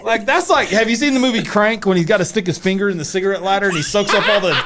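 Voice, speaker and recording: A man's voice: high voice, racing. A man co-hosting a casual faith podcast, talking frankly and acting out little quoted exchanges with laughter. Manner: animated, acts out quotes with laughter. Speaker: podcast co-host.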